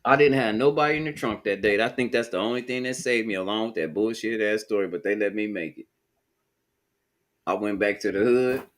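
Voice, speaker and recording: A man's voice: on the low side, brisk. A man from Texas with a Texan accent, telling a profane, streetwise story in casual chat.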